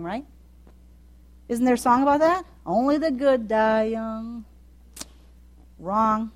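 Fervent woman preacher, higher voice. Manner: impassioned, swings from soft and low to loud and high; conversational preaching with asides to the congregation. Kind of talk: sermon.

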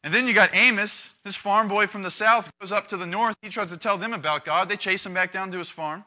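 This youth pastor has a high voice and a brisk pace. He addresses a youth group in a lively, chatty way, acting out quoted passages with dramatic shifts in loudness.

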